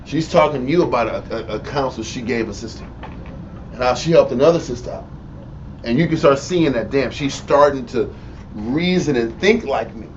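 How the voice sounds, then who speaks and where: A man with a Texas accent, teaching the Bible informally in an animated, profane way and mimicking people. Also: medium pitch, moderate pace. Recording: lo-fi room recording from a distance with faint noise.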